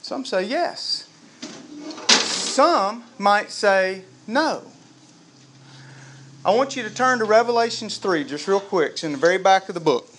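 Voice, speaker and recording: Lively, high-voiced man preaching. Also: measured pace, pauses often, slight background noise. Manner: lively, humorous, asks the congregation questions. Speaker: pastor. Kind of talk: sermon. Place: church with a live congregation.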